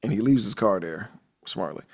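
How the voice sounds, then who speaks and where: A man casually recapping a movie on a podcast, profane and animated, acting out lines as he goes. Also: lowish voice, moderate pace, gravelly, husky. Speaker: podcast host.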